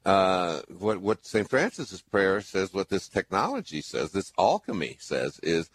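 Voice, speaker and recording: A man's voice: sits low, sing-song, a little slow, few pauses, husky, dry recording. An older man hosting a radio call-in, giving spiritual advice in an earnest, rambling way, with many restarts. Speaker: radio show host.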